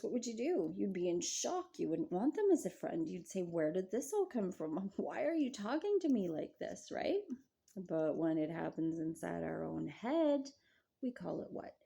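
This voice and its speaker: A middle-aged woman, a wellness coach, talking reflectively to camera in a gentle, measured way with frequent rhetorical questions. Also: low-pitched, gravelly.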